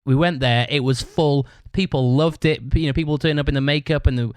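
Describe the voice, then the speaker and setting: A man's voice: a little high, fairly quick, smooth, no echo. Sweary, rambling man telling a story. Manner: rambling, swears constantly, tags lines with "right?". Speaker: podcast host. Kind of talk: casual storytelling monologue.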